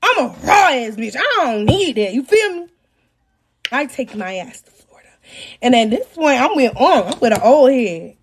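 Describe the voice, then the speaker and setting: A woman telling an animated, profane personal story in a storytime vlog, breaking into dramatic shouts. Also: high voice, normal speed, breathy edge.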